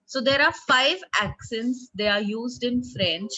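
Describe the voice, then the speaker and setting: Slow, bright-voiced Indian woman teacher. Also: on the high side, low-quality recording. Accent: Indian English. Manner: slow, explanatory, asks the class questions. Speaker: French teacher. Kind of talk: online class lesson.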